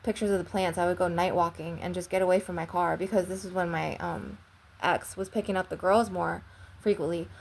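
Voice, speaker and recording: A young woman with a slightly low voice tells a story to her viewers. She rambles and leans hard on "like". Her swearing runs all through it. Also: steady tone, brisk, vocal fry, a little hiss or hum. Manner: rambling, heavy use of "like", frequent swearing. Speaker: vlogger. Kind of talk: casual storytelling.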